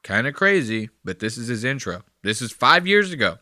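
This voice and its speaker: A man's voice: mid-range voice, very animated, normal speed, bright, forceful tone, no echo, studio quality. Crude rambling man on a podcast. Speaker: podcast host. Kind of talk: profane comedic commentary. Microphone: close podcast mic.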